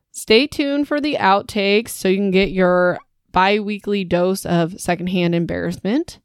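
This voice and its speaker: A young woman hosts a casual book podcast, chattering and poking fun at her own stumbles. Her voice sits at an ordinary middle pitch. The home microphone sounds close and dry, with no room echo. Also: slow, clean tone. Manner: chatty, self-mocking, laughs at her own slips. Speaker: podcast host.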